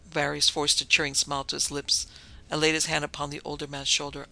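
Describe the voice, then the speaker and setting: A man narrating a dark story in a measured, grave manner. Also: a little high, monotone, creaky, poor audio.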